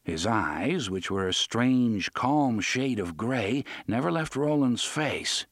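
A man narrating an audiobook in an expressive, measured storytelling manner. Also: low voice, no echo, clean studio sound. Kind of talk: scripted narration.

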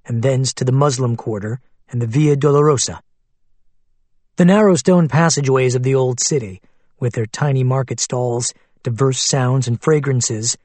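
A man reading a novel aloud in measured, descriptive scripted narration. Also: mid-range voice, darkish tone, slightly rough, no echo. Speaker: audiobook narrator.

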